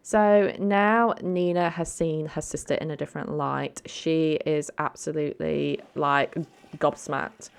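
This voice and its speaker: Low-voiced woman narrating a game. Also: fairly even intonation, measured pace, creaky, clean tone. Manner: chatty, many ums and asides to viewers. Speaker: let's play host. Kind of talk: casual game commentary.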